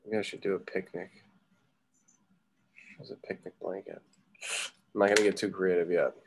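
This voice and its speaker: A man teaches a drawing lesson as he works. His voice sits low, and his talk wanders easily between instructions and asides. He pauses often with ums. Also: a little hiss or hum. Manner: relaxed, thinking aloud with many ums. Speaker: art teacher. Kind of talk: casual live drawing lesson.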